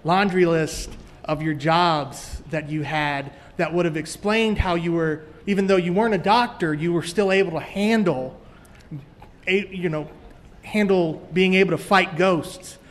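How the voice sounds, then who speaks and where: A man in a convention audience asking the panel a question, halting with fillers. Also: high voice. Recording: distant audience mic in echoey hall.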